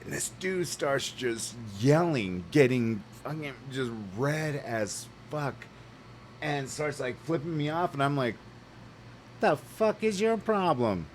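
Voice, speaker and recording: A man's voice: medium pitch, slow pace, a little hiss or hum. A man telling a rambling, heated story to camera, swearing freely and full of fillers. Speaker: vlogger. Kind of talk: casual rant to camera.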